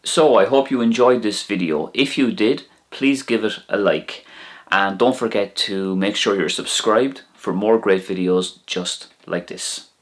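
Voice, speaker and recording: Slow, low-voiced man teaching words. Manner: pronounces words slowly and repeats them. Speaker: language teacher. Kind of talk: language lesson.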